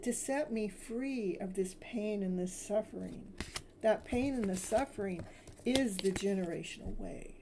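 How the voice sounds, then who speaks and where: Mellow-voiced woman reading soothing affirmations. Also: on the high side, a little hiss or hum. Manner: soothing, repeats affirmations slowly. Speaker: tarot reader.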